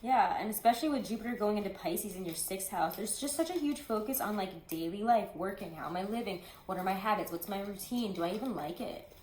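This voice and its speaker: A woman's voice: mid-range voice, fast talker, hardly any pauses, a little mellow, echoey room, a little hiss or hum. A woman giving a casual tarot reading, talking in a rambling, chatty way with lots of asides. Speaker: tarot reader.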